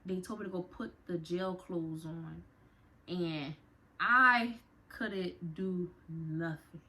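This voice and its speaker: A woman's voice: on the low side, a little mellow. A young woman telling a personal story to her viewers, emotional and conversational. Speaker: vlogger. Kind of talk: storytime vlog.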